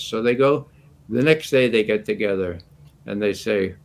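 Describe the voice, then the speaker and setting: A man in his eighties, a guest commentator, telling stories in an animated, anecdotal way and chuckling often. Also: on the low side, moderate pace. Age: 80s. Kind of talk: casual storytelling commentary.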